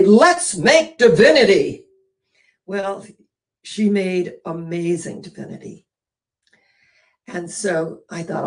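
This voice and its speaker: A middle-aged woman minister telling an emotional personal story in a sermon, earnest and dramatic with pauses. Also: on the low side, a little mellow.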